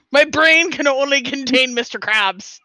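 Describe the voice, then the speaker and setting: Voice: sits high, bright, forceful tone, dry recording, rough recording. A podcast co-host and game master chatting casually, laughing often and talking in a playful pirate voice.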